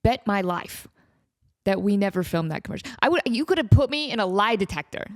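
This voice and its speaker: A woman in her thirties hosting a podcast in casual chat, animated and joking at her own expense. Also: medium pitch, fairly quick. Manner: animated, self-mocking, joking. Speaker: podcast host.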